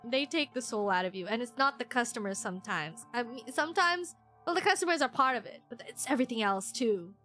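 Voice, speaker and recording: A young woman streamer chats casually with her viewers while she plays. Her voice sits somewhat high and sounds very bright and sharp. She rambles, restarts her sentences and giggles often, with a self-deprecating edge. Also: animated, brisk, faint music behind. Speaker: VTuber streamer.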